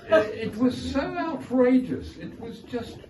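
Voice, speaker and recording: A man's voice: very high voice, sing-song, unhurried, crowd noise. A man with a South African accent, an author telling amused, rambling anecdotes at his book launch. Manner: rambling, self-amused storytelling with frequent digressions. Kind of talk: casual anecdotal speech. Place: indoor event room with guests. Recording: echoey room, distant mic, noisy.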